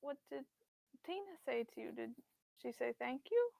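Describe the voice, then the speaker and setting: A woman voicing a thin, frail aging mother who speaks softly and haltingly, soothing her son. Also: sits high, sing-song, vocal fry, no echo, full character voice. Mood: tender. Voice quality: soft, hushed, wavering.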